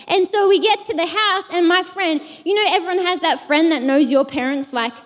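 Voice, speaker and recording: A woman preacher giving a sermon, telling a personal story in an animated way and acting out the people in it. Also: extremely high pitch, moderate pace, big-room sound. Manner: animated, acts out the people in her stories.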